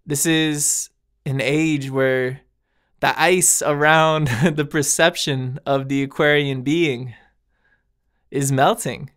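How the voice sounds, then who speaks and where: A man's voice: a little high, fairly even intonation, slow, fairly bright tone. Earnest man musing on his podcast. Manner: earnest, laughs often, slangy asides to listeners. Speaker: podcast host. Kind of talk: casual spiritual monologue.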